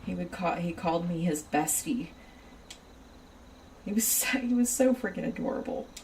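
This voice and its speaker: On a rough, slightly noisy recording made from a distance, a woman streamer talks to her chat viewers in a fairly low, darkish voice with lively intonation. Her casual livestream chatter moves at a moderate pace and wanders off on tangents.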